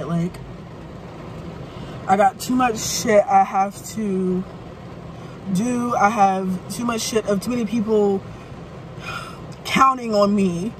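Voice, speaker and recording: A weary woman rants slowly from her parked car, her speech frustrated and full of stops and restarts. Faint noise from outside sits under her voice. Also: medium pitch. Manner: frustrated, halting, many restarts. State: burnt out and weary. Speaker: vlogger. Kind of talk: venting vlog rant. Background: faint rain and vehicle ambience.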